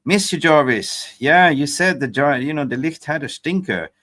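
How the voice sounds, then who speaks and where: Animated, chatty football show host. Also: male voice, fairly high pitch, normal speed, slight background noise. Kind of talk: live fan show chat.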